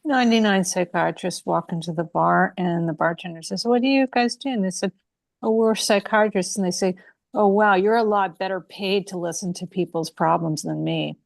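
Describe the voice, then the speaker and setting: A woman in an improv group, telling bar jokes in a plain, steady way. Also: lowish voice, normal speed, vocal fry, no echo. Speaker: improv player.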